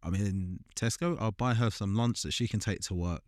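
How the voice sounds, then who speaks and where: A man's voice: on the low side, fairly quick, darkish tone, no room sound, studio quality. A young man, a podcast co-host, telling rambling everyday stories in casual chat and laughing through them.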